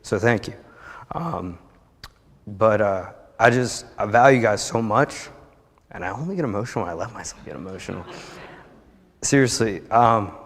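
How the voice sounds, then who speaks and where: A man's voice: fairly low pitch, animated, moderate pace, long pauses. Young man rambling through a story in a church. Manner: chatty, rambling storyteller with restarts, heartfelt. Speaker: church member giving a testimony. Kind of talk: informal personal testimony. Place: church sanctuary. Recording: long reverb of a church hall.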